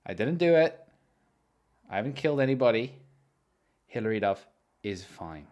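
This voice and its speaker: A man's voice: medium pitch, big pitch swings, normal speed, a little mellow, highs cut off. A man hosting a casual solo chat show, rambling, swearing freely and making jokes at his own expense. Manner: rambling, profane, self-mocking. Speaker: host.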